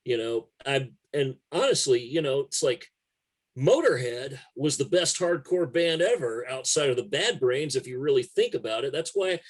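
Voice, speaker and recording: A man's voice: medium pitch, expressive, moderate pace, breathy edge. A man, a music writer guest telling stories in a casual, profane and emphatic way. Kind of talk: casual conversation.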